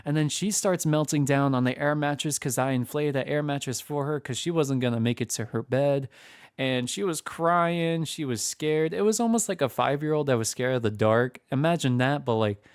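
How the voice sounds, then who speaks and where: Young man, casual storytelling, mid-pitched voice, dry close sound, acts out quotes. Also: moderate pace, clean tone, no echo. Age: young adult. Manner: chatty, re-enacts what people said.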